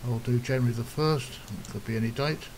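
A man calmly walking through a software task step by step, in a plain, instructive way, now and then clearing his throat. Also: medium pitch, brisk, a little hiss or hum, low-quality recording. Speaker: software tutorial presenter. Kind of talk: step-by-step screen tutorial.

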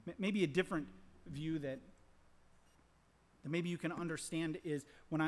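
A man's voice: fairly high pitch, fairly even intonation, fairly quick. Impassioned pastor, man, echoing sanctuary. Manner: impassioned, swings from loud emphasis to hushed whispers; repeats phrases for emphasis. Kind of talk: sermon. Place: large church sanctuary. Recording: long church reverb.

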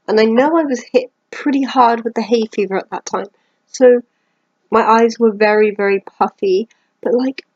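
A woman's voice: fairly high pitch, normal speed, slightly rough, no room sound, highs cut off. Blunt, self-mocking woman narrating. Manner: blunt, teasing, talking quietly late at night. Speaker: vlogger. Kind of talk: self-mocking voice-over commentary.

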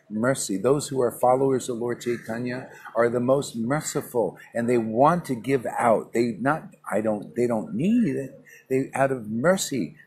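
A man's voice: mid-range voice, mellow, slight background noise. A man giving an informal morning spiritual class in a public place, talking in a brash, scolding way and calling his listener "man" again and again. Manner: brash, scolding, colloquial, keeps saying "man". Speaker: spiritual teacher.

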